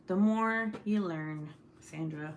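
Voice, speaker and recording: Woman in her 40s doing a chatty livestream, low-ish voice, swears a lot, echoey room. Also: takes it slowly, slight background noise. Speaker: livestream host. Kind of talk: casual livestream chat, reading viewer comments.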